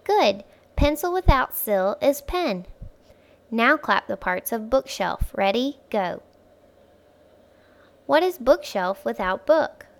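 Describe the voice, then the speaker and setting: A woman hosting a phonics lesson for young children, speaking clearly and patiently, stretching words out syllable by syllable and encouraging the listener. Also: a little high, very animated, slow pace, pauses often. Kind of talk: slow, clear instructional speech for young children.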